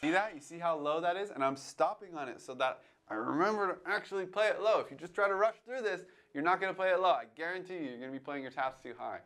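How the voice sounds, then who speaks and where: A man teaching jazz drumming, calmly coaching and counting beats aloud between demonstrations. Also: on the high side, fast talker, few pauses. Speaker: drum teacher. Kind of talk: instructional demonstration. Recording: drums playing behind the voice. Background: drum playing between phrases.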